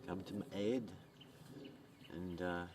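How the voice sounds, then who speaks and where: A man's voice: sits low, steady tone, takes it slowly, crowd noise. A man talking in a meandering outdoor monologue, repeating himself, swearing and chuckling as he goes. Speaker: vlogger. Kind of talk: rambling monologue to camera. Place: outdoors at a graveside. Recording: distant mic outdoors, faint outdoor noise.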